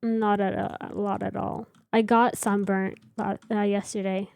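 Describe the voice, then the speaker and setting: A woman's voice: medium pitch, flat delivery, unhurried, vocal fry, darkish tone, clean tone. A young woman streamer chatting casually with her viewers while building in a game, rambling and answering chat.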